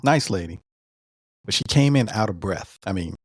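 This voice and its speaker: A man in his fifties, a veteran, casually retelling a doctor's visit in an animated way, repeating words and quoting what was said. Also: lowish voice, moderate pace, breathy edge, no room sound, studio quality. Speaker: veteran sharing his cancer treatment story. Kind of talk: casual storytelling.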